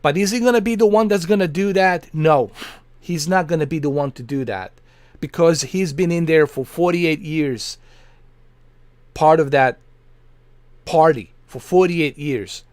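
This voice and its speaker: A man's voice: fairly high pitch, a little slow, a little mellow, no echo. A middle-aged man from Bosnia, a livestream host giving an impassioned political rant, emphatic and earnest, repeating his points.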